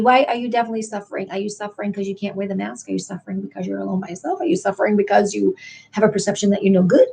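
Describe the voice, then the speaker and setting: A woman's voice: mid-range voice, gravelly, warm tone, slightly rough. A middle-aged woman hosting a late-night livestream, chatting in a meandering way and answering viewers in the chat. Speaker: livestream host.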